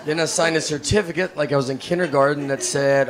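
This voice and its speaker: A middle-aged man doing a stand-up comedy set, telling rambling deadpan stories full of fillers. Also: fairly high pitch, fast, crowd noise. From United States. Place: stage before a laughing audience.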